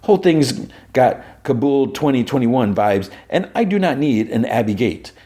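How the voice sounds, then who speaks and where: A man voicing an exasperated, bitter middle-aged man who complains in a high, strained voice. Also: animated, moderate pace, warm tone, lightly acted.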